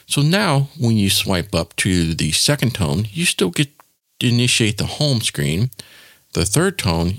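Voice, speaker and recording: A man hosting a casual software tutorial, explaining each step in an informal, demonstrative way. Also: on the low side, no echo, studio quality. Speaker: tech tutorial host.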